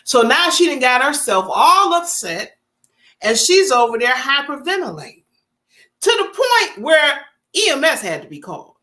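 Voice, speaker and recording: Woman in her fifties, lively swooping pitch, casual live-stream storytelling. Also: normal speed. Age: 50s. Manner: animated storytelling, laughing, dramatic swoops. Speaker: vlogger.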